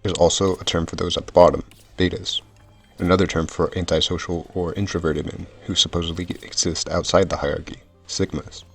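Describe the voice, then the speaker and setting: Man, very deep voice, scripted essay narration, measured delivery, faint music underneath. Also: flat delivery, creaky, breathy edge.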